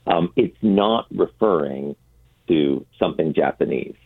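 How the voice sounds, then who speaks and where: A man with a very deep, slightly husky voice joins a radio show by phone. He explains things patiently and hesitantly, filling pauses with ums. The dry, tinny phone line narrows his sound. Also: animated, no echo. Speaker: guest, coffee roaster. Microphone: telephone.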